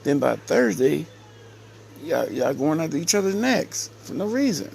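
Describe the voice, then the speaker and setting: A man giving a slow, repetitive, scolding casual rant to camera as a vlogger. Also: on the high side, sing-song, gravelly, a little mellow, a little hiss or hum.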